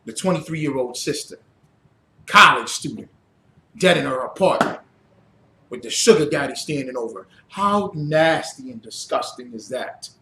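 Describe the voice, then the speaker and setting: A man preaching a fiery sermon as a religious teacher, blunt and profane, rising to shouts. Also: mid-range voice, animated, unhurried, slight background noise. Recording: roomy echo.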